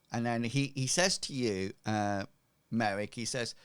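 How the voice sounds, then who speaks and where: A male game master narrates a tabletop scene slowly and hesitantly, often pausing on ums and restarting his sentences. His voice is somewhat low and smooth. The recording is dry, with no room sound. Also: dry recording.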